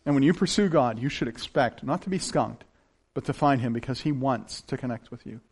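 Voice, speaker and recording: A man preaching a sermon in a folksy, animated way, swinging between loud emphasis and hushed intensity. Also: mid-range voice, a little fast, breathy edge. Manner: folksy, uses plain down-home examples. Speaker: pastor.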